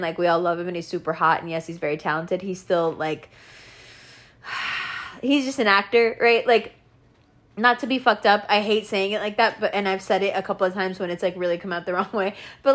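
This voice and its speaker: A woman talking casually in an animated, profane rant, laughing and doing mocking impressions. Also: mid-range voice, brisk. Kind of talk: casual rant about actors.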